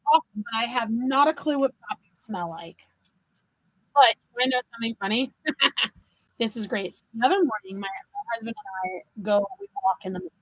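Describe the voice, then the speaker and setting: A woman hosting a live card-making demo, chatting with viewers and talking them through each step as an animated storyteller. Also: fairly high pitch, fairly quick, dry recording, poor audio. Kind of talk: live crafting demo chat.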